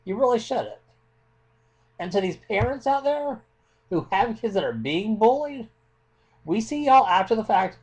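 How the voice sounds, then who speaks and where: A man records a heated rant into his webcam at home. His voice sits a little high and swings up and down a lot as he talks, blunt and impassioned, swearing freely as he makes his points. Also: very animated, moderate pace, a little mellow, dull audio. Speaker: vlogger.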